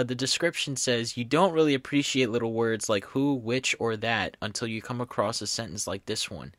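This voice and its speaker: A young man with a bright, forceful, slightly low voice chats casually on his podcast. He reads strange sentences aloud, laughing in disbelief and tripping over words. The sound is dry and close to the mic. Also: no room sound. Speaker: podcast host. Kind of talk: casual solo podcast chat reading aloud.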